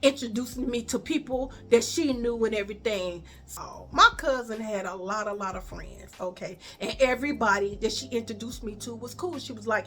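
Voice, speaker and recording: A woman's voice: on the high side, normal speed, few pauses, fairly bright tone. Chatty woman telling a story. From Chicago. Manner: chatty, repetitive, addresses viewers as y'all and baby. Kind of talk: casual storytime.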